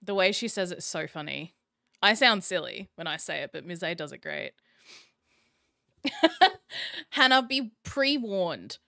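Lively, bright-voiced woman streamer. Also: fairly low pitch, a little slow, creaky, long pauses, no echo, studio quality. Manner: giggly, chatty, addresses chat directly. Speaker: streamer host. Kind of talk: casual live-stream chat reacting to viewer clips.

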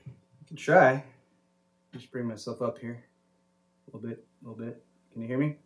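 A man helping with a mic check, speaking quietly and offhandedly. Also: mid-range voice, steady tone, moderate pace.

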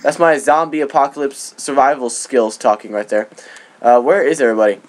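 A man hosting his gaming channel, rambling through casual gameplay commentary with jokey boasts and excited outbursts. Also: medium pitch, brisk. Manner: rambling with frequent restarts.

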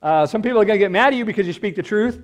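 A man's voice: high voice, expressive, racing, dull audio. A male pastor preaching a sermon in a conversational, emphatic way, throwing out rhetorical questions.

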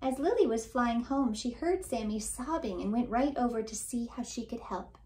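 A woman, a children's author and librarian, reading a storybook aloud in a warm, expressive storytelling voice. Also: fairly high pitch, normal speed.

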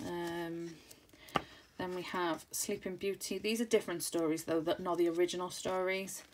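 A woman's voice: on the low side, fairly even intonation, moderate pace. A woman in her thirties chatting casually and enthusiastically through a craft haul, rambling with plenty of fillers. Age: 30s. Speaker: crafting channel host. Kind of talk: casual haul video chat. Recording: noisy home recording.

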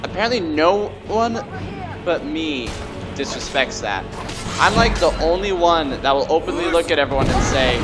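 Young man, casual gameplay commentary, goofy, sings to himself, game music loud in the background. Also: on the high side, lively intonation, fairly quick. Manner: goofy, jumps between loud outbursts and mumbling, sings to himself. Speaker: let's play gamer. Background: game music and sound effects.

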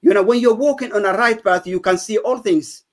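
A man's voice: high-pitched, a little fast. A man, giving an earnest, emphatic personal testimony as an interview guest. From Somalia.

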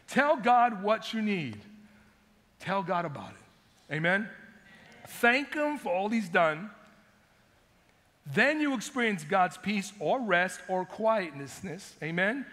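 A man's voice: sits high, a bit bright. A male pastor preaching a sermon, emphatic, repeating his points and calling for amens. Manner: emphatic, repeats phrases, calls out "amen". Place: church sanctuary. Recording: long hall reverb.

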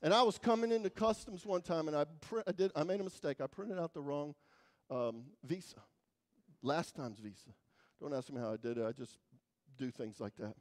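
A man preaching as a guest speaker in church, telling stories dramatically, swinging from loud to hushed. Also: on the high side, normal speed. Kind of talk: sermon storytelling.

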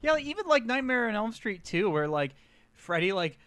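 A man's voice: sits high, sing-song, fairly quick, background noise. A man co-hosting a podcast in casual chat, easygoing, with a lot of fillers and laughs. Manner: chatty, laughs easily, hedging with fillers. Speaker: podcast co-host.

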